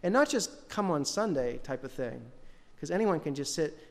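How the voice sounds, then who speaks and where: A man's voice: fairly high pitch, animated, normal speed. A man giving a sermon as pastor, talking in a conversational way and putting questions to the congregation. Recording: long hall reverb.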